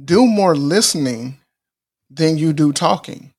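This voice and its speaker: A middle-aged man talks through life advice at an unhurried, drawn-out pace. His voice has a gravelly, fry-laden edge and sits a little higher than most men's. He sounds earnest and a bit preachy, circling back over his points and restarting phrases as he goes. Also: lively intonation, darkish tone. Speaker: podcast host. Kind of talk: casual motivational talk.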